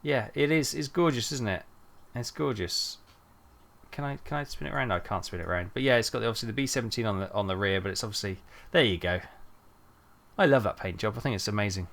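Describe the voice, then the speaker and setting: A man's voice: lowish voice, fast talker, gravelly, fairly bright tone. A man streaming a truck driving game, rambling chattily and greeting viewers by name while he drives. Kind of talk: casual live-stream chat while driving.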